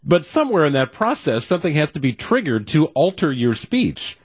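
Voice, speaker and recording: A man's voice: on the high side, big pitch swings, brisk, husky. A man co-hosting a radio show, wondering aloud with stammering restarts. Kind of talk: casual chat.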